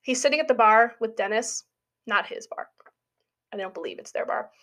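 A woman's voice: on the high side, animated, normal speed, sharp tone. A young adult woman, a college student, talking through a casual spoken essay in a chatty, giggly way full of "like" fillers. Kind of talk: casual monologue.

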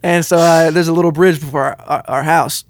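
A man on a casual podcast, telling a story at a fast clip. His voice sits a little high for a man and stays animated, with easy swearing along the way. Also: no echo. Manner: animated, swears freely, laughs through his stories. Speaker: podcast co-host.

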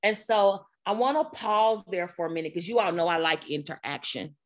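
A woman leads an online group session, her voice slightly strained. She talks in an energetic, conversational way, repeating herself and laughing often, heard through a computer mic. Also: lowish voice, normal speed. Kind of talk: motivational talk to a group.

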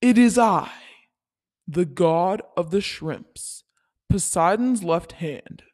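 Woman putting on a giant shrimp god voice, super slow and grand, lots of echo. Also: on the low side, animated, darkish tone, voice pushed down. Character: huge solemn shrimp god.

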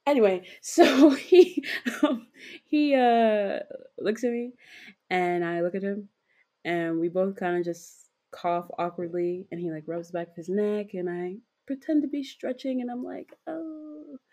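Young female podcast co-host, low warm voice, giggly and rambling, filler-heavy casual storytelling. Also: moderate pace.

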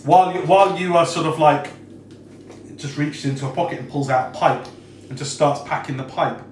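A man's voice: fairly high pitch, brisk, darkish tone, a little hiss or hum. A man running a tabletop game as game master, describing scenes unhurriedly with many fillers. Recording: roomy echo, distant mic.

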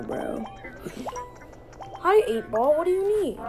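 A woman giving let's-play commentary on a video game. She is giggly, playful and excitable, with a high, very lively voice. Her delivery is slow and unhurried. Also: over music. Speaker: gaming channel host.

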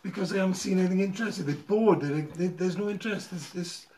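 A man's voice: high voice, fast, dark tone, far from the mic, a little hiss or hum. A man co-hosting a casual podcast, teasing and heckling his friends. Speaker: podcast co-host.

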